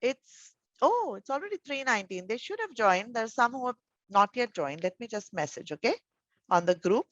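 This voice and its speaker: A woman teaching young children over a video call, gentle and encouraging, full of endearments. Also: on the high side, sing-song, normal speed, no echo. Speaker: preschool teacher. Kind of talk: online class with young children. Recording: dull, dry video call audio.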